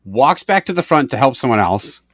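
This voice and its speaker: Animated man telling a story. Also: medium pitch, brisk, no room sound, clean studio sound. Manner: animated storyteller, acts out both sides of exchanges, swears freely. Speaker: podcast co-host. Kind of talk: casual chat.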